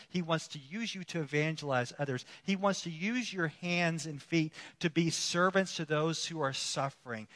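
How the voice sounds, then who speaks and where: A pastor delivering a sermon, swinging between loud, emphatic declarations and quiet, intimate appeals, with a repetitive preaching cadence. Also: male voice, on the high side. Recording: long hall reverb.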